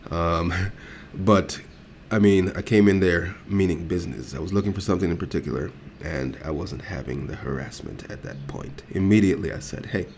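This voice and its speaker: A man's voice: low voice, moderate pace, a little mellow, a little hiss or hum. A grown man telling a story as a heated, profane rant, acting out the exchanges in it. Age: adult.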